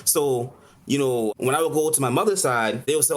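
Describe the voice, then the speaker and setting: A man, talking at a middling pitch. He tells his story in a loose, rambling way, scattering "you know" everywhere. It sounds like a relaxed interview chat. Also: a little fast. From Charleston, South Carolina. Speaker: chef, interview guest.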